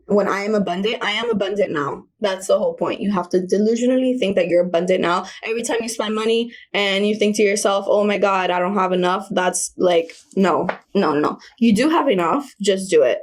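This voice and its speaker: Candid, rambling woman vlogger. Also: mid-range voice. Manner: candid and rambling, with slang and filler words. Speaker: self-help vlogger. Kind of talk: casual personal storytelling.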